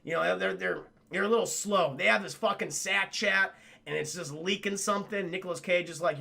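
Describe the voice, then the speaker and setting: A young man livestreaming a casual film review, retelling scenes in an animated, profane way and talking to his chat. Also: high voice, a little fast, creaky.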